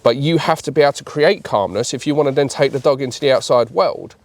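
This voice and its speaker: A man runs a dog training session in a mid-pitched voice. He speaks bluntly and swears freely. He often acts out the dog's thoughts to explain a point. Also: expressive, quick pace, no echo.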